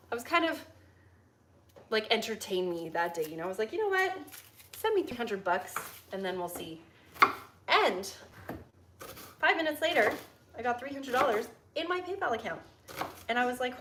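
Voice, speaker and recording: A woman's voice: medium pitch, a little hiss or hum. A young woman hosting a livestream, chatting casually with viewers while she cooks in her kitchen and reads out chat questions. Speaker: livestream host. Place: home kitchen.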